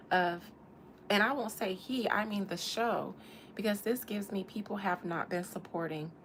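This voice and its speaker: A woman's voice: fairly low pitch, fairly bright tone, slight background noise. A woman from the American South with a Southern accent, hosting a casual tarot reading and talking in a sassy, teasing drawl. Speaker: tarot reader and channel host.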